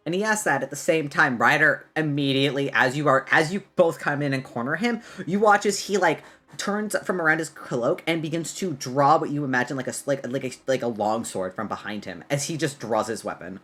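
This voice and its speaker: A game master narrating a tabletop role-playing game in an animated way, with fillers and frequent laughs. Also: mid-range voice, fairly quick.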